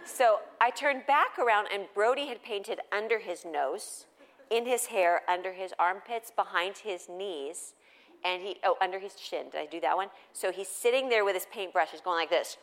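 A middle-aged woman giving a humorous storytelling talk at a faith gathering, lively and conversational, often asking the audience questions. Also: medium pitch, normal speed, in a large hall.

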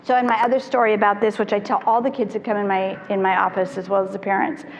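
A middle-aged woman, a child therapist, telling stories to parents in an animated way and acting out the voices she quotes. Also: mid-range voice, fast talker. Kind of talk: storytelling talk to parents. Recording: reverberant hall, dull lo-fi sound, faint noise.

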